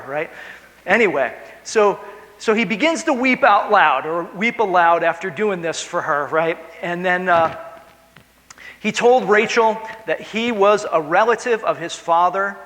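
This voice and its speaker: A man's voice: high voice, bright, forceful tone, long reverb tail, rough recording. A male pastor preaching a conversational sermon in a church, retelling a story and often checking in with "right?". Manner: conversational, keeps asking "right?"; acts out the story in character voices. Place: church sanctuary.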